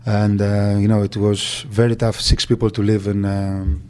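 Hesitant man, soft and mellow. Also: lowish voice, flat delivery, clear, resonant tone. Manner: halting, with frequent restarts and fillers. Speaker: agent. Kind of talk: recounting memories in an interview.

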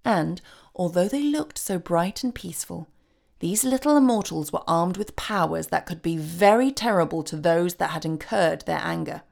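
A woman narrating a storybook in a steady, measured reading voice. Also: lowish voice, gravelly.

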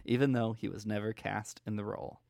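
A man's voice: fairly low pitch, little pitch movement, fairly quick, creaky, darkish tone, no echo. A man co-hosting a podcast in casual chat, talking freely, laughing often and trailing off mid-thought. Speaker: podcast co-host.

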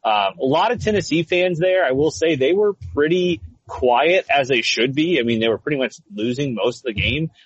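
A man's voice: fairly high pitch, normal speed, few pauses, a little hiss or hum. A man in his thirties co-hosting a casual sports chat, telling stories with lots of fillers and restarts. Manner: rambling, animated storytelling with frequent fillers. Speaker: podcast co-host. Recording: slightly dull lo-fi sound.

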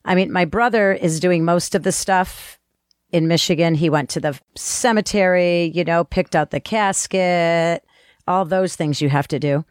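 A woman's voice: lowish voice, normal speed, clear, resonant tone, no echo. Stressed woman talking plainly, dry sound. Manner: brief agreeing, talks plainly about practical tasks. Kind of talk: casual conversation.

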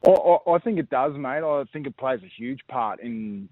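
A man's voice: medium pitch, expressive, normal speed, no room sound. A man with an Australian accent telling footy stories in a blokey, laughing way, calling everyone mate. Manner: blokey, laughing storyteller, says mate a lot. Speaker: former player guest. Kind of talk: casual radio chat. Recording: tinny phone line.

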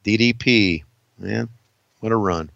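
A man's voice: on the low side, slow pace, gravelly, fairly bright tone, dry recording, dull audio. A man cohosting a podcast, chatting casually, swearing a lot and laughing easily. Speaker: podcast co-host. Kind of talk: casual profane chat.

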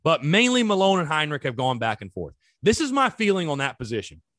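Lively man talking baseball on a podcast. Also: fairly high pitch, a little fast, dry recording. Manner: animated, conversational, talks straight to listeners. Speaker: podcast host. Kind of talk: solo sports podcast talk.

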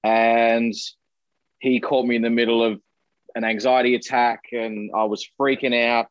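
A man talks openly and earnestly as an interview guest, his voice at a middling pitch and plainly conversational. He swears casually. The recording is dull and lo-fi, with a dry, close sound and no room to speak of. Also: flat delivery, a little slow, no room sound. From Australia. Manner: open, earnest, swears freely. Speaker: guest, musician. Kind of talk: candid interview talk.

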